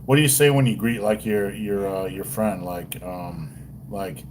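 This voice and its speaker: A man's voice: on the low side, steady tone, measured pace, a little mellow, slight background noise. A man hosting a casual livestream, rambling and joking with crude language. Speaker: livestream host.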